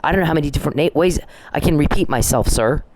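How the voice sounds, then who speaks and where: A woman's voice: deep voice, fast talker, darkish tone, a little hiss or hum, low-quality recording. Blunt, profane woman ranting. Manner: heated, blunt and profane, with frequent restarts. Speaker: vlogger. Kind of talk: angry personal rant to camera.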